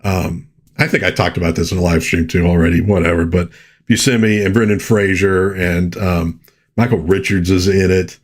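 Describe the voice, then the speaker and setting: A man's voice: low voice, fairly even intonation, moderate pace. A middle-aged man hosting a casual live stream, chatting with enthusiasm and rambling through lots of fillers. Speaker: host.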